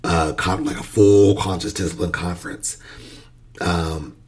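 Low husky-voiced male podcast host. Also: steady tone, measured pace, darkish tone. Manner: loose and chatty, many fillers and restarts. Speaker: early childhood educator. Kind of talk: casual podcast monologue.

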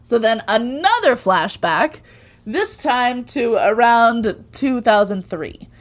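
A woman's voice: fairly high pitch, animated, slow. A woman co-hosting a podcast, recapping an episode in a casual, chatty way with irreverent asides and frequent laughs. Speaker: podcast co-host.

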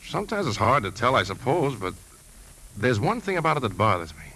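An actor playing a worried uncle who talks in a hesitant, troubled way. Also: male voice, mid-range voice, big pitch swings, brisk, bright, forceful tone, slight background noise, rough recording. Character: worried grown man, family uncle.

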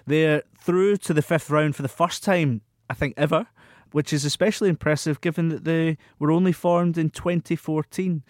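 A man's voice: fairly high pitch, fairly even intonation, normal speed, hardly any pauses, a little mellow, dry recording, clean studio sound. A man hosting a casual football podcast, chatty and reading out listener questions. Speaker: podcast host.

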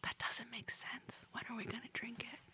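A woman's voice: a little high, flat delivery, normal speed, pushed and bright. Whispering playful woman host. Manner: playful, whispering much of the time. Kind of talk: casual chat.

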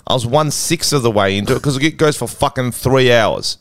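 A man's voice: mid-range voice, brisk, fairly bright tone, no echo, clean studio sound. A young Australian man co-hosting a podcast, crude and swearing, laughing often in casual chat. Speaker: podcast co-host.

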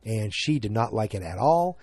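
Rambling man with a mellow voice. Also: lowish voice, very animated, slightly rough, no echo. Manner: halting, many restarts and fillers, rambling. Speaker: show recap host. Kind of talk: casual episode recap.

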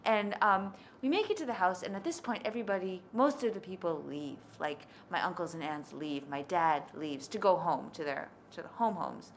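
A woman's voice: on the low side, moderate pace, hardly any pauses, a little hiss or hum. A woman telling a personal story in a conversational, candid way. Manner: conversational, candid, lively in quoted speech.

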